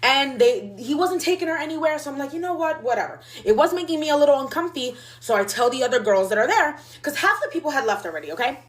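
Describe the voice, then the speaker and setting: Woman, mid-twenties, casual storytime, rambling, filler-heavy, higher voice, very lively pitch. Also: quick pace, few pauses.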